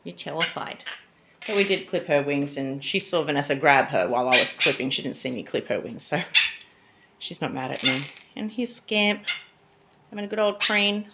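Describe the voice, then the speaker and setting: A woman's voice: low-pitched, animated, moderate pace, vocal fry. A woman filming a casual home vlog, chatting and cooing baby talk to her pet birds. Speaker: pet bird owner vlogger. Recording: loud background noise, clicks.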